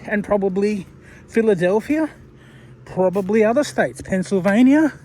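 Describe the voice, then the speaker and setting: A man's voice: sits high, animated, moderate pace, a little mellow, slight background noise. An Australian man talking casually to a viewer while walking outdoors along a road, rambling and self-deprecating. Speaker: vlogger. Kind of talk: casual walking vlog talk.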